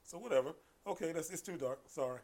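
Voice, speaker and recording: A man sits in for a casual podcast talk, telling his stories with energy. His voice sits a little high for a man. He keeps acting out both sides of the exchanges he describes, and he often restarts his sentences. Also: fast talker. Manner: animated storyteller, acts out quoted exchanges, frequent restarts. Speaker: podcast guest, martial arts coach. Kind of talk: casual conversation.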